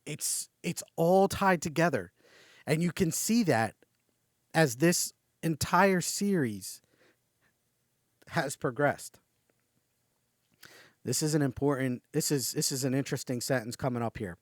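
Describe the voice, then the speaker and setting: A man hosting a podcast, reading out a channeled message slowly and stopping often to marvel at it. He gets excited, breaks off mid-sentence and starts over. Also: fairly high pitch, no room sound, clean studio sound. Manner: reads quoted passages slowly and deliberately. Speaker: podcast host.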